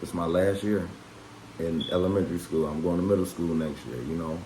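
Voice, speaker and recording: A man's voice: low voice, steady tone, fairly quick, background noise. A man telling a personal story straight to the camera in a rambling, profane, casual way, peppering his talk with "man" and "you know what I'm saying". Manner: gets louder and more worked up when telling of the fight. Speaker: vlogger.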